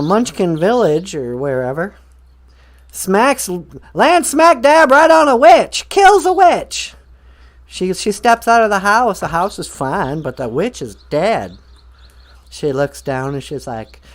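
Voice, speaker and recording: A woman telling a story in a playful, rambling way, with hesitant restarts. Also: mid-range voice. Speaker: guest storyteller. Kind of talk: casual storytelling.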